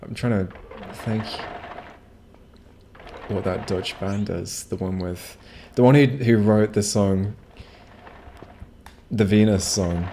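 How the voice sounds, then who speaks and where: Slow-talking low-voiced man streaming a game. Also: background noise. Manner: rambling, self-mocking, joking asides. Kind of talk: casual gameplay commentary. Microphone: desk microphone.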